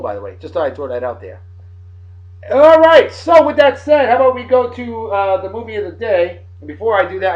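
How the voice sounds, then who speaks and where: A man, giving casual, jokey and sarcastic commentary in a video blog, with big swings between loud and soft. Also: fairly high pitch. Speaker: video blogger. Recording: dull lo-fi recording.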